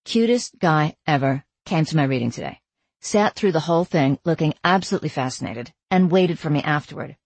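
A woman's voice: deep voice, expressive, brisk, breathy edge, no room sound, full character voice. Woman doing a weary, gossipy young girlfriend. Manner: chatty, deflated complaining.

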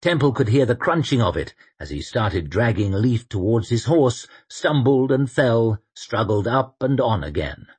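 A man narrating an action story in a steady, dramatic storytelling manner. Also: mid-range voice, a little slow, hardly any pauses, slightly rough. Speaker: audiobook narrator. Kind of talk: scripted narration.

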